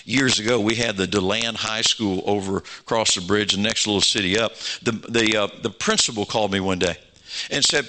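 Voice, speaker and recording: A man's voice: mid-range voice, fairly quick, bright, forceful tone. A pastor in his sixties, preaching a sermon and telling stories with acted-out dialogue, building to fervent exhortation.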